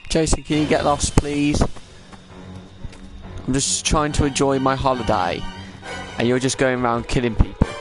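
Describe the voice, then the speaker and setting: A young man commentating live over a multiplayer game, excitable and swearing, his voice jumping high when startled. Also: normal speed, pauses often, over music. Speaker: gaming YouTuber.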